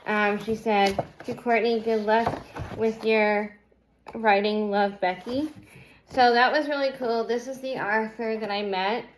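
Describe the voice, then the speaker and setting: A young woman talks to her viewers in a loose, rambling vlog, filling her pauses with ums and restarting her sentences. Her voice sits somewhat high for a woman. There is a clear hiss of background noise behind her. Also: steady tone, low-quality recording. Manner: rambling, chatty, many fillers. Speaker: vlogger. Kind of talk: casual unboxing vlog.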